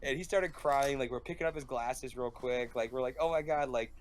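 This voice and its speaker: A young man telling a rambling story in casual chat, full of fillers and animated quotes. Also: mid-range voice, moderate pace. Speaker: podcast host. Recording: faint background noise.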